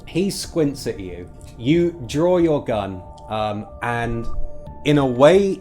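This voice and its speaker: A man's voice: mid-range voice, darkish tone. A man narrating as game master of a tabletop game, thoughtful with many fillers.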